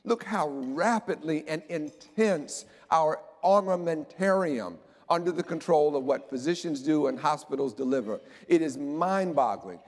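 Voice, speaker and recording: A man giving an animated, joking conference talk about slides to a live audience. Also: on the high side, measured pace, few pauses. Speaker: keynote speaker. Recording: long hall reverb.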